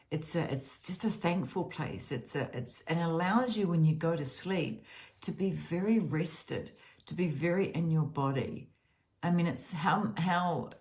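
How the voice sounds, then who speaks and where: A woman's voice: low voice, darkish tone. A woman giving a casual, rambling self-help talk about gratitude, earnest and prone to repeating herself.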